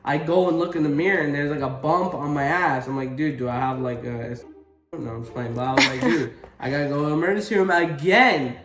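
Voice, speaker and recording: A young man tells a story straight to his viewers, slangy and animated, his voice jumping up when he gets worked up. His voice sits a little high for a man, and it bounces around an echoey room with faint music playing under it. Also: brisk. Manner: animated, swearing, rising to exclaims when retelling pain. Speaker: vlogger. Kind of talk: casual storytelling to camera.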